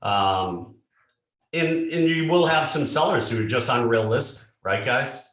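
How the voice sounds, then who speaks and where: A man hosting an online panel discussion, relaxed, asking the guests questions. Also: medium pitch, a little slow. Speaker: panel host. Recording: roomy echo.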